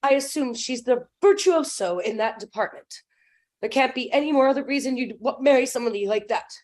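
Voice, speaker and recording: A woman's voice: sits high, brisk, a little mellow, lightly acted. A woman reading a proud, jealous young opera singer in a table read, speaking in a cutting, sarcastic way. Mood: scornful.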